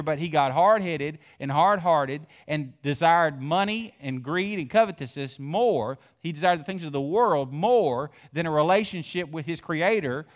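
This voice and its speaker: A man preaching a folksy sermon, asking the congregation questions and rising in volume to stress points. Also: a little high. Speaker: pastor.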